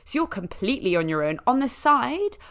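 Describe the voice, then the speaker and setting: A woman hosting a podcast, telling a story in a chatty, animated way with lots of fillers and small impressions of other people. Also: fairly high pitch, fairly quick. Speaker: podcast host. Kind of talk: casual storytelling.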